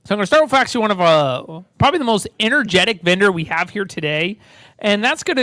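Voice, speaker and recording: An upbeat man emceeing a live event in an indoor space, loose and chatty with punchy exclamations. His voice sits high and rings bright. The sound is dry and close. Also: expressive, fast talker, no echo.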